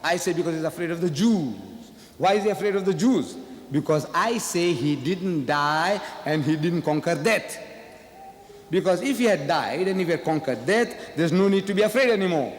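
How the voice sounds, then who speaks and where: A man's voice: a little high, expressive, moderate pace. A man debating in a public speech, making his points with emphatic repeated rhetorical questions. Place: large lecture hall. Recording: echoey hall, faint ambience.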